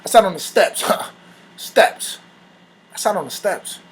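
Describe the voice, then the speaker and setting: Lively young man telling a story. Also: high voice, slow pace, a little hiss or hum. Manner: animated, slangy, laughing storyteller. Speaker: channel host. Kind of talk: casual storytime.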